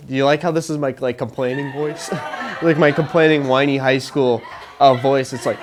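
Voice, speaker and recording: A man's voice: mid-range voice, steady tone, moderate pace. A young man in college, hosting a live show with a rambling, jokey monologue, laughing through his lines. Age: young adult. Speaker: host. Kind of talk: stand-up style monologue to a live audience. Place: live show before an audience.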